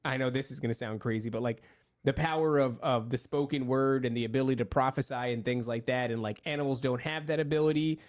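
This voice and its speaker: A young man hosting a podcast, talking in a rambling, animated way and laughing often. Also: medium pitch, fast. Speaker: podcast host. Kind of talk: casual chat.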